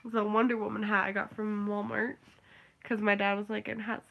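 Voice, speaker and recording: Bright-voiced young woman rambling casually. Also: medium pitch, level tone, fairly quick, gravelly, a little hiss or hum. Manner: rambling, filler-heavy, ranting. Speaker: vlogger. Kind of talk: casual chat.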